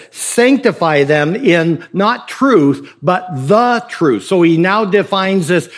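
Male pastor with a slightly high voice, preaching casually with questions and jokes. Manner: conversational preaching with rhetorical questions and humor. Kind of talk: sermon.

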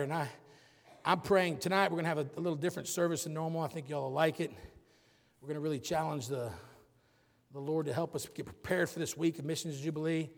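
High-voiced preacher in a reverberant hall. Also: male voice. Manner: preachy, rising to shouts, calls for audience response. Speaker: pastor. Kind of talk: sermon. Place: large church sanctuary.

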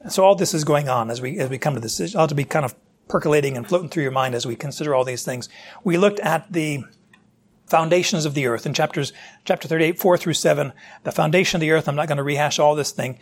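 A man's voice: on the high side, fast talker. A man, a pastor preaching a verse-by-verse Bible teaching sermon and talking directly to his congregation. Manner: conversational, explanatory, addresses the congregation directly.

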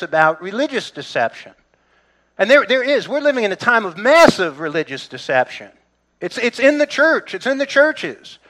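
A middle-aged man, the pastor, gives a church sermon in a high, somewhat bright voice. He keeps it conversational, often starting over and addressing the congregation in asides.

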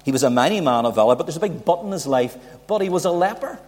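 A man's voice: fairly high pitch, animated, fast talker, darkish tone. A man preaching a sermon, building emphasis and asking rhetorical questions. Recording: long hall reverb.

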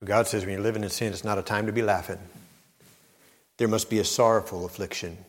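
A man with a fairly low voice and fairly even intonation preaches fairly quickly, speaking straight to the congregation. His emphatic delivery builds to near-shouting, and the sound has a long hall reverb.

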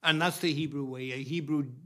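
A man preaching a sermon, unhurried and emphatic, dropping soft and then rising loud on key phrases. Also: on the high side, steady tone.

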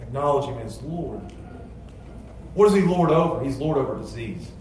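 A man preaching a sermon, moving between quiet, low storytelling and loud, emphatic passages. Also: lively intonation, normal speed, a little hiss or hum. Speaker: pastor. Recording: echoey church sound from a distance.

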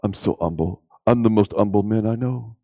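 A man's voice: lowish voice, moderate pace, no room sound, highs cut off, close to an everyday voice. A man doing a fawning, falsely humble British clerk. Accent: British, put on. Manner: fawning, oily, hushed. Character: smarmy falsely humble male Victorian clerk.

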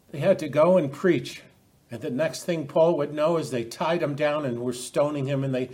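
Halting, higher-voiced male preacher. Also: a little mellow. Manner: halting, repeats words, quotes scripture with rising emphasis. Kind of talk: sermon.

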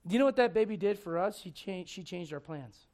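A man in his forties, a pastor preaching a sermon in a church with joking, animated storytelling. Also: high voice, fairly quick. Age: 40s.

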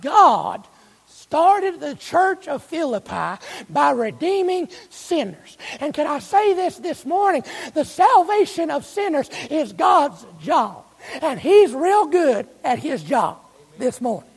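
A man preaching a sermon in a church, emphatic and full of rhetorical questions to the congregation, slowing down to stretch key phrases. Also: extremely high pitch, sing-song, gravelly. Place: church sanctuary. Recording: long reverb of a church hall.

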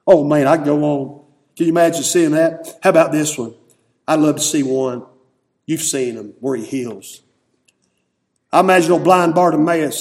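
Man preaching, slightly high voice, impassioned, loud then hushed, church sanctuary. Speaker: pastor. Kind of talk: emotional sermon.

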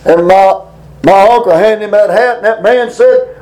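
Guy teaching a bible lesson, kinda high voice, folksy and rambling, slows way down on the verses. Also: a little mellow, poor audio. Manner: folksy, rambling storyteller, quotes scripture slowly.

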